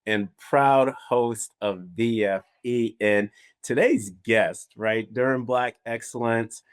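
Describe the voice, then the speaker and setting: A man hosting a podcast, mid-pitched and easygoing. He laughs often and tells stories with animated energy as he introduces his guest. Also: slow, clear, resonant tone. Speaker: podcast host. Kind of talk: casual interview intro.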